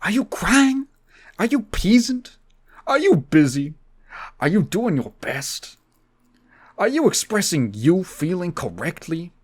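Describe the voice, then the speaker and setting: A man putting on a famous game-show host, pushing the voice well above his normal register. The delivery is exaggerated and drawn out, with lively swings in pitch. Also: slow, pauses often, full character voice. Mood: mock-earnest. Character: impression of a famous male game-show host reading odd translated text.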